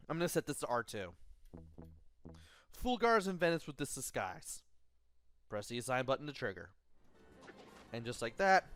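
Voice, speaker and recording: A man's voice: medium pitch, animated, normal speed, a bit bright. A man hosting a let's play, giving casual, explanatory gameplay commentary. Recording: voice-over with faint game music.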